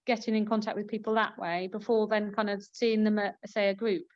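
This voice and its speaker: A woman's voice: medium pitch, flat delivery, a little fast, no echo. Woman, host, midwife, chatty with fillers, dry, muffled video call sound. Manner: chatty, warm storytelling with many fillers. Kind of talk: online panel chat. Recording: dull, slightly lo-fi call audio.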